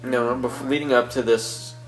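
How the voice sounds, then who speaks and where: A man's voice: medium pitch, fairly even intonation, moderate pace, vocal fry, over music, poor audio. A young man hosting a let's-play, chatting casually and rambling through a story with many fillers. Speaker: gaming channel host.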